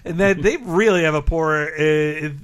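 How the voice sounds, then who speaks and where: A man's voice: fairly high pitch, unhurried, a bit bright, clean tone. Rambling podcast co-host, a man. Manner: rambling, acts out quotes. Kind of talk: casual chat.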